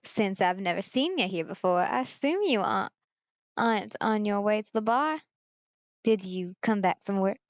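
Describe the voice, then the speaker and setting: A woman's voice: mid-range voice, expressive, moderate pace, no echo, lo-fi sound, lightly acted. A woman reading the lines of a friendly young man at a bar in a visual novel game, giving him a country accent. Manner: says she gives him a country accent.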